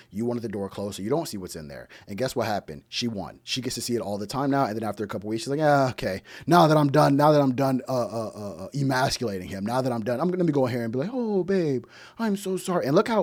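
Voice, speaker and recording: A man's voice: mid-range voice, a little mellow, husky, dry recording. Blunt man lecturing with rhetorical questions. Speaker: relationship commentary host. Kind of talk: reaction commentary on a clip.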